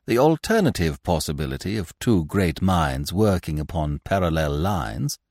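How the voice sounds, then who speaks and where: A man's voice: lowish voice, very animated, moderate pace, a little mellow, no echo, pitched above the performer's own voice. A man voicing a bland, witty young man who speaks with unruffled, dry irony.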